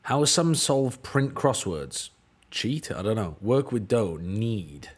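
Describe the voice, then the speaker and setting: A British man streams himself working through word puzzles, thinking aloud in an unhurried, drawn-out way. His pitch rises and falls a lot. He gets exasperated and swears when the answers annoy him. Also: very animated, slightly rough. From United Kingdom. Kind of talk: casual chat while solving word puzzles.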